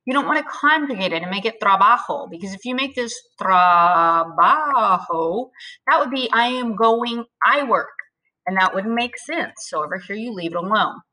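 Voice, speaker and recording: A woman with a bright, crisp voice walks students through a grammar lesson. She explains patiently, step by step. She slows down to sound out each word. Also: fairly high pitch, animated, poor audio. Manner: patient, step-by-step explaining, slowing to spell out words. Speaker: Spanish teacher. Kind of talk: screen-share grammar lesson.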